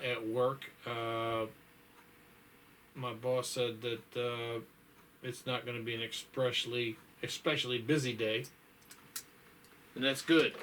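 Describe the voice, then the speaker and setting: A tired man talks casually to his viewers, rambling along with plenty of ums and sighs. His voice sits at an ordinary middle pitch, and a faint hiss of noise runs underneath. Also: fairly bright tone. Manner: rambling, folksy, with many fillers and sighs. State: tired, yawning. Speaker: vlogger. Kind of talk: casual chat.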